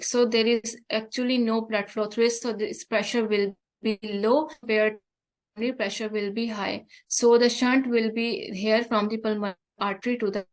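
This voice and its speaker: A woman giving an online medical lecture, speaking haltingly with frequent fillers and restarts. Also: medium pitch, low-quality recording. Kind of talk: online exam-prep lecture.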